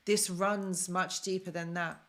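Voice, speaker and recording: A woman hosts a live stream about toxic relationships. She talks casually and emphatically and turns excitable when she speaks straight to her viewers. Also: fairly low pitch, unhurried.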